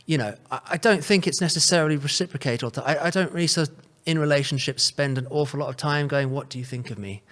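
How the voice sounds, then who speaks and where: A man's voice: on the high side, fast, few pauses, fairly bright tone. A man from South Africa with an English accent carrying a South African trace, talking as a guest in a wordy, hedging way with lots of "sort of" and "kind of". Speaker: podcast guest. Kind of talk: casual conversation.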